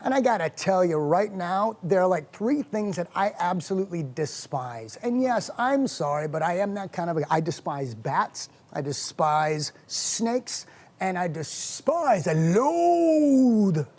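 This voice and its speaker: A man hosting a wellness show, telling a story about his morning in a casual, animated and self-mocking way. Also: sits high, measured pace.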